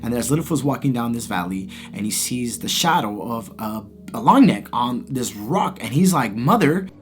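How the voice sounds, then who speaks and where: A man in his thirties, mid-pitched, tells a film's saddest scene as a casual vlog host. He talks with expressive, animated energy and trips over himself now and then. Soft music plays faintly underneath. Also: normal speed. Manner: expressive, animated storytelling with restarts. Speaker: YouTube host. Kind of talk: casual movie commentary.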